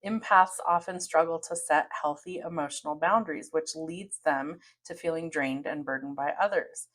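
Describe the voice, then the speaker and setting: A woman with a notably low-pitched voice talks straight to her listeners as a podcast host. She speaks in an earnest, steady way, like someone giving advice from experience. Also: normal speed. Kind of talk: advice monologue.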